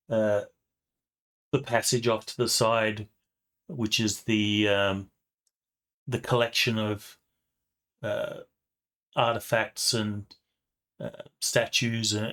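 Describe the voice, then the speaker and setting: A man narrating a tabletop game as game master, slow and halting with many fillers. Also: on the low side, fairly bright tone.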